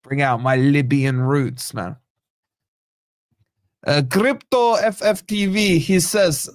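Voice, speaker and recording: A man hosts a live football fan stream, chatting loosely and reading out comments from viewers. His voice sits a little high for a man. The sound is dry and close, with no room echo. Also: fairly even intonation, slow pace, long pauses. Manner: laid-back banter, reads viewer comments aloud. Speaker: host of a football fan channel watch-along. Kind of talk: live match watch-along commentary and chat reading.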